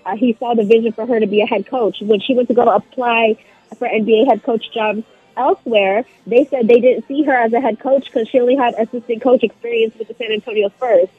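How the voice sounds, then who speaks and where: A woman's voice: on the high side, fairly even intonation, fairly quick, slightly rough, no echo, faint music behind. A woman sports reporter giving confident, analytical comments in a phone interview. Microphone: phone line. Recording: tinny phone line.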